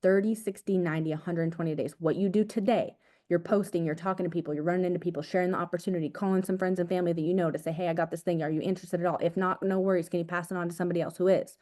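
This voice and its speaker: A young woman talks fast to her sales team, her voice low-pitched and mellow. She coaches with casual energy, repeating key lines and saying "dude" and "guys". It sounds like a video call. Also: steady tone. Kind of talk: motivational team talk.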